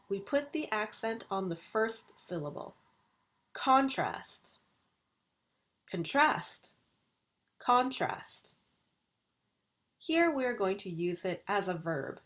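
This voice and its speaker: For a recorded video lesson, a university English lecturer, a woman with a mid-range voice, pronounces vocabulary words slowly and with deliberate care.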